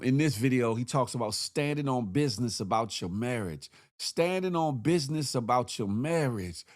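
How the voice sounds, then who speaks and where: Morning show host, man, lively and playful, dry close sound. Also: mid-range voice, no room sound. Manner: animated, playful, acts out quotes in voices. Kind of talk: casual chat with live chat shout-outs.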